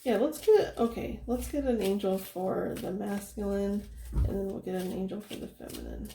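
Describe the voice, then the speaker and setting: A young woman giving a casual tarot reading, soft-spoken and chatty, laughing often and filling her talk with "like". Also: mid-range voice, big pitch swings, moderate pace, vocal fry, reverberant, a little hiss or hum. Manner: giggly, chatty, soft-spoken, with frequent fillers. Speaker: tarot reader.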